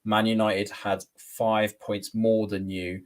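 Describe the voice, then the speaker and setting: A man co-hosting a podcast, giving measured views on football and citing stats. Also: on the low side, flat delivery. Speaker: podcast co-host. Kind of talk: casual football chat.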